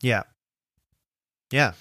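A man's voice: extremely slow, pushed and bright, a little hiss or hum. A male podcast co-host in casual chat, talking in a wry, joking way.

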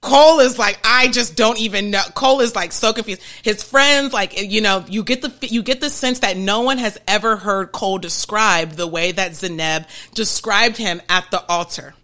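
A woman hosting a podcast, explaining ideas in a chatty, animated way and often checking in with her listeners. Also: mid-range voice, moderate pace, hardly any pauses. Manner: chatty, keeps checking in with "okay?" and "right?"; animated, laughs between points. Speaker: podcast host. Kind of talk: casual explanatory podcast talk.

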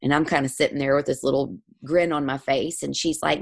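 A woman's voice: very deep voice, moderate pace, gravelly, hardly any pauses, slightly rough. A woman, a guest on a conversational show, telling stories with animation and acting out the voices of other people. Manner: animated, acts out quoted voices. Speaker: guest, spiritual healer. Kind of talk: storytelling in conversation.

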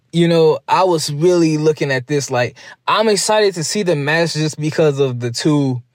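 In clean studio sound with no room echo, a medium-pitched man rambles through a casual recap review of a wrestling show. His talk is loose and chatty, full of asides and quick mock voices.

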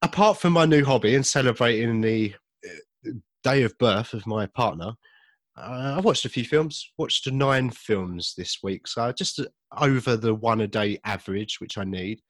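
A man's voice: medium pitch, unhurried, no room sound. A young man co-hosting a podcast, rambling and joking at his own expense, laughing often. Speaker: podcast co-host. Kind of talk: casual chat.

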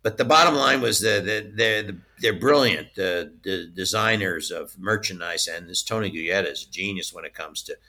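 A man's voice: low-pitched, normal speed, hardly any pauses, pushed and bright. A man being interviewed as a former studio licensing executive, telling chatty stories and often laughing mid-story. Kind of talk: casual anecdotal storytelling.

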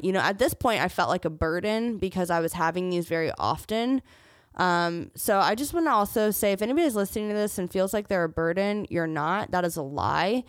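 Candid, low-voiced woman podcaster. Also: expressive, normal speed, smooth, no room sound, studio quality. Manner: candid and emotional, often near tears; joking asides between serious parts. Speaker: podcast host. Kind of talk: personal storytelling podcast.

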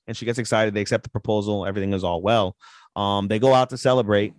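Guy rambling thru an anime recap, low-ish voice, says "like" constantly, swears casually. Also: steady tone, fast, no echo, studio quality. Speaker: podcast co-host.

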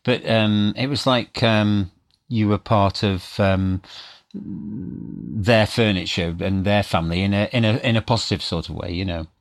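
Deep-voiced man, halting and reminiscing. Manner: halting, full of restarts. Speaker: guest actor. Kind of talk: reminiscing in a podcast interview.

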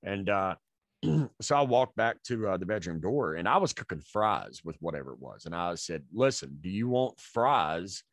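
A man with a fairly low voice tells a rambling story on a podcast, his pitch swinging widely as he gets worked up. He swears freely and talks in loose, casual bursts. The sound is dry and close. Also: normal speed, no room sound. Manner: profane, rambling, animated storyteller. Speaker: podcast co-host.

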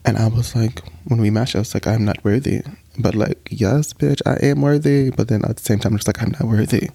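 A young man vlogging in casual chat, sassy and expressive, swearing freely and popping into playful high voices. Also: fairly quick, gravelly, dry recording.

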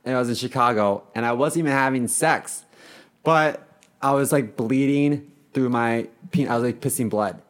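A man's voice: mid-range voice, moderate pace. A man in an everyday middle register spins frank, rambling stories on a casual podcast. He leans on fillers and restarts as he talks. His tone stays loose and conversational throughout. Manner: candid, rambling storyteller with many fillers. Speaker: podcast co-host.

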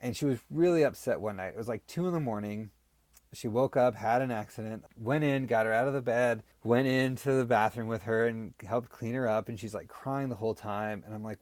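A man's voice: medium pitch, normal speed, darkish tone, dry recording. A man in his thirties telling stories about fatherhood in casual podcast talk, earnest and reflective. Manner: earnest, storytelling.

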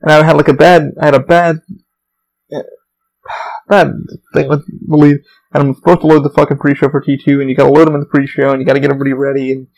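A man's voice: on the high side, little pitch movement, fairly quick, creaky, a little mellow, low-quality recording. A man hosting his own podcast, telling rambling, profane stories about his theme park job. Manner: profane, rambling, heavy swearing. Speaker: podcast host. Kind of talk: rambling casual storytelling.

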